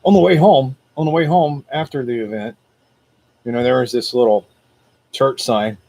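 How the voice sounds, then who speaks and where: A man hosting a motivational video, telling a personal story in a casual, animated, slangy way. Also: mid-range voice, moderate pace. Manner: greets viewers live by name.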